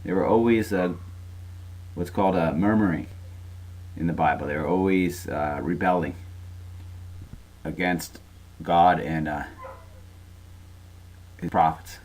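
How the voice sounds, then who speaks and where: Low-voiced man giving a casual lecture. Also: unhurried, pauses often, a little mellow. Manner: chatty, frequent tag questions and fillers. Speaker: college lecturer.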